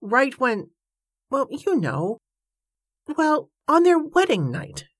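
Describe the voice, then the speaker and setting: A woman's voice: mid-range voice, expressive, a little slow, no echo, studio quality, voice pushed up. A woman reading a bashful Canadian riverman. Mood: flustered. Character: shy, earnest Canadian riverman, adult man.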